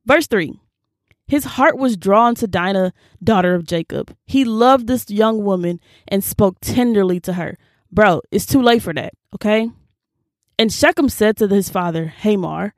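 A young woman hosting a casual Bible reading, expressive and slangy, reacting aloud as she reads. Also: medium pitch, measured pace, dry recording, clean studio sound. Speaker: video host.

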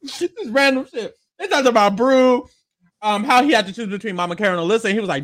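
Animated high-voiced man recapping. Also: fast talker. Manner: animated, slangy, acts out quotes in campy voices. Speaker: podcast co-host. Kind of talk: casual recap chat.

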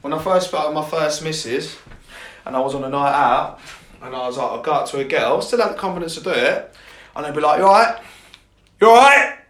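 Sweary podcast coach, echoey room. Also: male voice, fairly high pitch, fairly quick, fairly bright tone. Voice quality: blunt and sweary, slangy. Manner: jokey, laughs at his own lines. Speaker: fitness and confidence coach. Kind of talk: casual podcast monologue.

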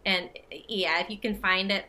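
A young woman co-hosting a podcast in casual chat, chatty and quick to laugh. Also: medium pitch, steady tone, pushed and bright, a little hiss or hum. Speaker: podcast co-host.

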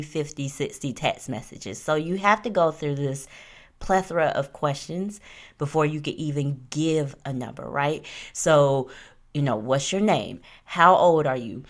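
A young adult woman hosting a casual podcast who tells lively stories and acts out the quotes. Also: low voice. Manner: animated, acts out quotes, talks with "like" and "right?". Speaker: podcast host. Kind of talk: casual storytelling chat.

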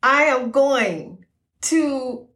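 High-voiced folksy woman in an echoey room. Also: lively intonation, very slow, fairly bright tone. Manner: folksy, rambling, says "you know" constantly; preachy, faith-based encouragement. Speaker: podcast host. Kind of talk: casual inspirational talk.

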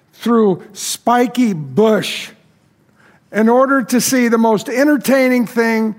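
High-voiced man preaching a story. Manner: vivid, dramatic storytelling with pauses. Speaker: pastor. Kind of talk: storytelling sermon.

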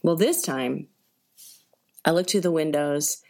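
Woman telling a story, chatty and animated, lots of likes and rights, slightly low voice. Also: slow, gravelly. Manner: animated, acts out voices and reactions; conversational, many fillers like "like" and "right?". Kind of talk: personal anecdote told to an audience.

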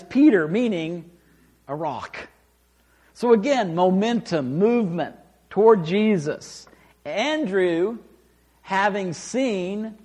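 A man preaching a sermon, reading scripture aloud and explaining it with emphatic, animated delivery. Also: sits high. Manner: animated, rising and falling for emphasis, acts out quoted lines.

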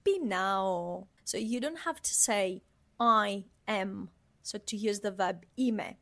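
A woman teaches on a casual podcast, taking her time over each word. She speaks slowly and sounds each word out carefully, then repeats it. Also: mid-range voice, a bit bright. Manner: explains patiently, says the Greek words slowly and repeats them. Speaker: language teacher, podcast co-host. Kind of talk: casual language lesson.

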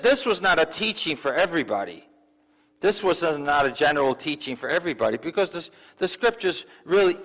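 A male pastor delivers a sermon with a slightly raised pitch, talking to the congregation in an easy, conversational way. He drops in asides and asks the listeners questions as he goes. His voice rings out in a church with a long, lingering reverb. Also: fairly bright tone. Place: church sanctuary.

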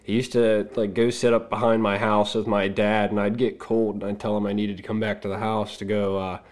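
A man's voice: lowish voice, flat delivery, fairly quick. A man as a podcast guest, casually telling stories in an easygoing, anecdotal way. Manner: easygoing, anecdotal, laughs at his own stories. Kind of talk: casual storytelling.

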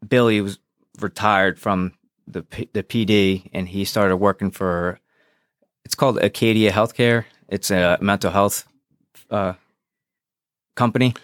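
A man's voice: lowish voice, fairly even intonation, measured pace, pauses often, clean tone, no room sound, studio quality. A man and former police officer telling his own story on a podcast, frank and profane, acting out past conversations. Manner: frank and profane, re-enacts dialogue. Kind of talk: candid personal storytelling.

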